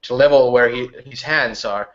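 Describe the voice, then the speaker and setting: A man's voice: mid-range voice, normal speed, a bit bright. A man acting as game master, narrating a tabletop game in a rambling way full of hedges and restarts. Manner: rambling, many fillers and restarts. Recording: dull lo-fi recording.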